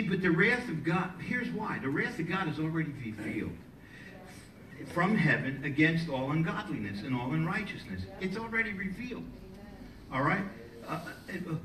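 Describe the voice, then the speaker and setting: A male pastor preaching a sermon in a church, lively and joking with the congregation between points. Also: fairly high pitch, slight background noise. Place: church sanctuary. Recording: echoey hall, mic at a distance, faint ambience.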